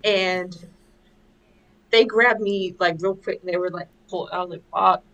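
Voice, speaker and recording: A woman's voice: on the low side, fairly even intonation, measured pace, a bit bright. A woman in a casual chat who tells a story, swearing freely and laughing as she goes.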